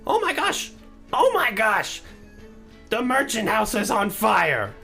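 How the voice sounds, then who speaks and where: A man doing a high, frantic voice of a character shouting that a building is on fire, during a tabletop game. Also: huge pitch swings, slow, creaky, soft background music, heavily acted. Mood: panicked. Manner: shrill, frantic yelling. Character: panicked adult man shouting about a fire.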